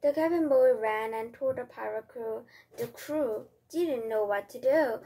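A woman's voice: a little high, warm tone, slightly rough. A woman whose first language is Korean reading an English storybook aloud, carefully and with frequent restarts. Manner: slow, careful, with slips and restarts. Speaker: reader.

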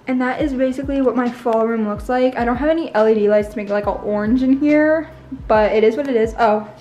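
A woman's voice: on the high side, fairly quick, dark tone, lo-fi sound. A young woman giving a casual room tour vlog, bubbly and gushing, slightly out of breath. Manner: bubbly, gushing, repeats "so cute". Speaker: vlogger.

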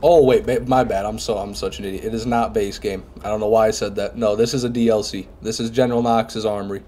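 A man's voice: on the low side, fairly even intonation, fast, dark tone, a little hiss or hum. A young man streaming a game live, chatting casually with viewers, reading chat aloud and swearing now and then, while sick with a head cold. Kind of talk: casual live gameplay commentary.

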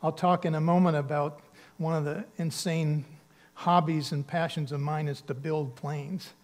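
A man's voice: fairly high pitch, fairly even intonation, unhurried. A man preaching a sermon as pastor, speaking earnestly and conversationally, with emphatic bursts on key words. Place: church sanctuary.

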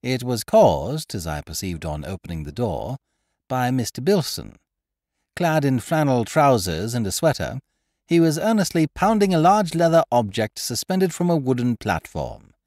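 A man narrating a classic story as a podcast host, with expressive, scripted storytelling on a studio microphone. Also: medium pitch, normal speed, no room sound.

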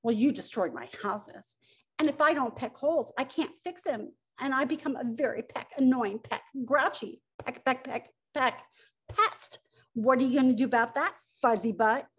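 A woman voicing an excitable male woodpecker who exclaims in a high voice. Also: moderate pace, slightly rough. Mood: defiant. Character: fussy male woodpecker, a carpenter bird.

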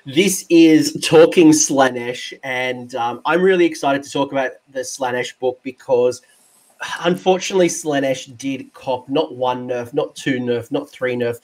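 A man's voice: mid-range voice, unhurried. Jokey Australian man hosting. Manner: jokey, excitable banter. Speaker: podcast host and game coach. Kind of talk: casual video-call interview.

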